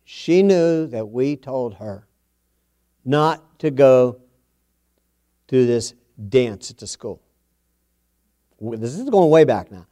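Speaking slowly with long pauses, this middle-aged preacher has a warm, animated, mid-range voice. He tells a homespun family story during his sermon, folksy and repetitive, leaning on repeated phrases for emphasis.

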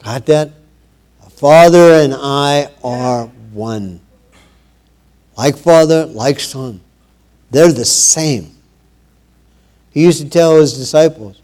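A man preaching a sermon in a conversational way, with many pauses, growing louder and higher when he quotes scripture.

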